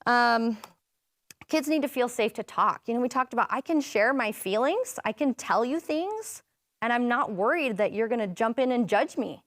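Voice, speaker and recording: A woman's voice: on the high side, animated, normal speed, no room sound, studio quality. A woman presenting an interactive parenting workshop, chatting with the audience, asking questions and rephrasing their answers.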